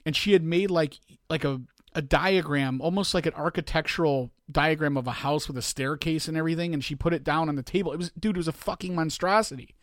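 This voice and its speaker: A man with a strikingly high voice chats on a podcast, telling stories in a lively way with plenty of swearing and put-on lines for the people in them. The sound is close and dry, with no room around it. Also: quick pace, dry recording. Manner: animated, profane storyteller who acts out other people's lines. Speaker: podcast co-host. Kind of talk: casual podcast chat.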